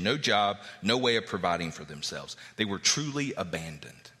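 Bright-voiced pastor preaching in a hall. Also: male voice, medium pitch. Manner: explains scripture, reads verses aloud, conversational. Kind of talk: sermon.

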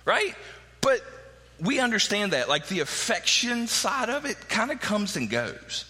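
A man's voice: high voice, big pitch swings, unhurried, bright, forceful tone. A man, preaching a conversational sermon in a church, often tossing in "right?" to the congregation. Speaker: pastor. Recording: long hall reverb.

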